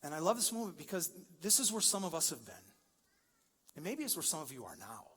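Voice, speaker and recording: A man's voice: fairly high pitch, big pitch swings, fast talker, bright, forceful tone, slightly rough. A man preaching a sermon, conversational and joking, building to emphatic peaks. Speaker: pastor. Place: large church hall. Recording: long church-hall reverb.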